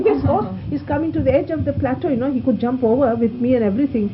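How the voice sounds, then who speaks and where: An older woman recalling a story from her past in a lively way, growing louder and more excited as she tells it. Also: sits high, quick pace, few pauses. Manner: lively, grows excited and loud when recalling the scare. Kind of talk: reminiscing anecdote. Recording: muffled, noisy archive recording.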